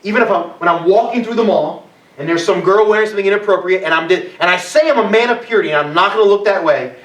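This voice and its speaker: A man's voice: high voice, fast, a bit bright. A young adult man preaching a sermon as a youth pastor, telling stories in a loose, conversational way with many fillers. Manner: conversational storytelling with frequent fillers. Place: church hall. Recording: echoey hall from far off.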